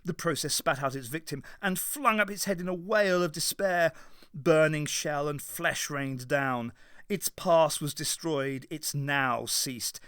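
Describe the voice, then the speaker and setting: A man's voice: fairly high pitch, unhurried, a bit bright, clear, resonant tone, no echo, studio quality. Man giving a dramatic audiobook reading. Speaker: audiobook reader. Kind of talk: scripted narration.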